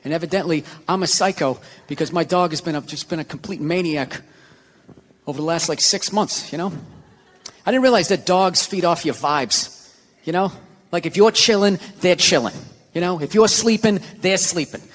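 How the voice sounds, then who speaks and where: A man's voice: high-pitched, moderate pace, fairly bright tone. Profane ranting male stand-up comic. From United States. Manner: ranting, profane, self-mocking. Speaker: stand-up comedian. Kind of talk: stand-up comedy. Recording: live stage with long reverb, faint noise.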